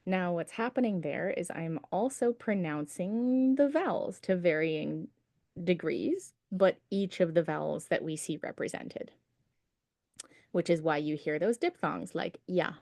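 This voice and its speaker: A woman leads an online singing lesson, taking her time over each point in a slow, encouraging way. Her voice is mellow and soft-edged. The sound is dry and close, as on a video call. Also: on the low side, gravelly, dry recording. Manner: patient, encouraging, explains slowly. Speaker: singing teacher. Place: home setup on a video call.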